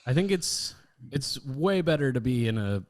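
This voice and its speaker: A man's voice: medium pitch, very animated, moderate pace. A man co-hosting a comedy podcast, chiming in with laid-back, dry remarks. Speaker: podcast co-host. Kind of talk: casual comedic chat.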